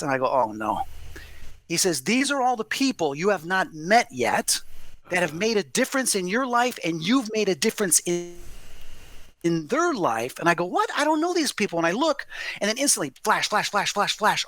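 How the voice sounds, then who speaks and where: A man's voice: high-pitched, no room sound. A man as a podcast guest, telling a story in conversation and acting out the dialogue. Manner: animated, acts out quoted dialogue.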